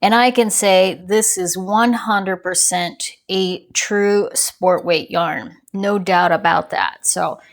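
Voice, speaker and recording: A woman running a crochet channel gives a casual yarn review, chatty and rambling, drifting off on tangents with small laughs. Her voice is fairly low with fairly even intonation, and she speaks slowly with hardly any pauses.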